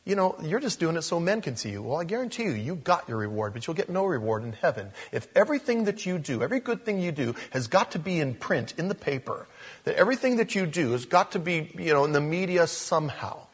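A man preaching a sermon, animated, moving between loud emphatic lines and low, slow ones. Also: breathy edge.

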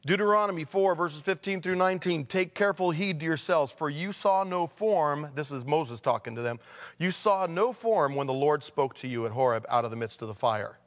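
A man preaching a sermon in a relaxed, conversational way, reading scripture passages aloud and stressing key lines. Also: on the high side, normal speed, long reverb tail. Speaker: pastor.

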